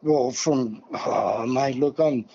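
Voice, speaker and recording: An older Australian man, a podcast guest, spins rambling, folksy stories, peppering his talk with "see" and "mate." His mid-range voice is slow, creaky and warm with a breathy edge, and the sound is lo-fi.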